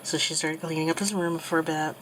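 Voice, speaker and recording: A woman in her thirties speaks softly in a lowish voice, pausing often and filling gaps as she talks. She is tearful and close to crying. A faint hiss sits under the recording. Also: fairly even intonation, poor audio. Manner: soft, halting, with many pauses and fillers. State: tearful, getting emotional. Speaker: crafting channel host. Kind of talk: personal storytelling while crafting.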